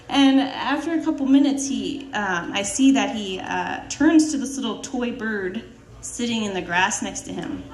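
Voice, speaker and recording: A woman's voice: mid-range voice, expressive, moderate pace, reverberant. A woman telling a personal story live on stage, laughing often, with many fillers and restarts.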